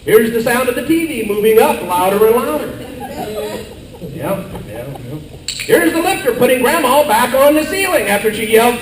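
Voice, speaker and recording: High-pitched older man doing stand-up. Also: sing-song, moderate pace, noisy background. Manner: corny storytelling with exaggerated yelled quotes. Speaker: comedian. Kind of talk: live stand-up slide show. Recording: echoey live hall from far off with audience.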